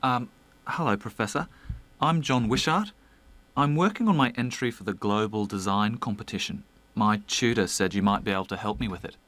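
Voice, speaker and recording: A man's voice: on the low side, moderate pace, fairly bright tone, lightly acted. A man playing a young design student in a scripted exam listening recording, earnestly explaining his invention.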